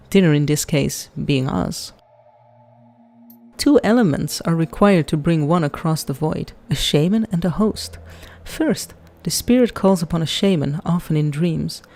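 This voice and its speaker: Flamboyant elf lecturer, playful and theatrical, read by a woman; warm tone. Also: sits low, dry recording, exaggerated voice.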